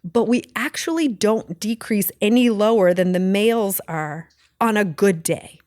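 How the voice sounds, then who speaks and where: A woman's voice: mid-range voice, unhurried, darkish tone, dry recording, clean studio sound. Blunt, chatty middle-aged woman podcaster. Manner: blunt, chatty, rambling with self-corrections. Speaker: podcast host. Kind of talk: casual solo podcast talk.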